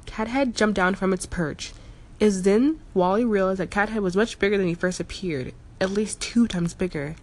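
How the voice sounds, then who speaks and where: A woman reading a fantasy story aloud as narrator, telling it steadily with the odd slip and retake. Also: mid-range voice. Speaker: audiobook narrator.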